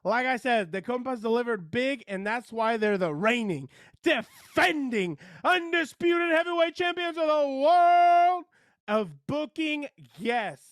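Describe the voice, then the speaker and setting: A man playing a boastful former high-school football star who rants about his sports takes and mocks a co-host. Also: animated, unhurried, no echo, studio quality. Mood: hyped promo. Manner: ranting, mocking, boastful. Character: brash boastful male sports-talk blowhard, ex-jock. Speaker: comedy segment character.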